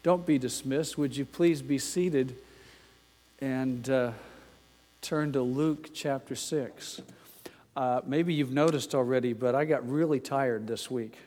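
An older male pastor delivers a sermon in a middle-pitched voice, reading scripture slowly and deliberately. He drifts into folksy personal stories, pausing often with fillers. His voice carries a long hall reverb, as in a large church sanctuary. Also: a little mellow. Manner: folksy and anecdotal with frequent filler pauses.

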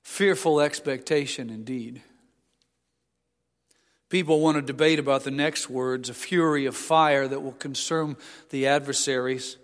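A man preaching a sermon, impassioned, building to emphatic peaks and dropping low. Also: steady tone, a little slow. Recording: long reverb of a large hall.

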